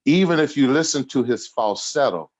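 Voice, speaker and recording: A man's voice: mid-range voice, lively intonation, normal speed. A man in his sixties, a podcast guest telling humorous stories with frequent laughter. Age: 60s. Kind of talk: casual storytelling interview.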